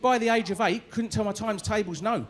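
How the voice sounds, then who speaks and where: A man in his forties with a London Cockney accent doing a stand-up set on a club stage, his voice pitched high. He talks in a punchy, chatty way and keeps tagging his lines with "right?". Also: fairly quick. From East London, England. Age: 40s. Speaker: stand-up comedian.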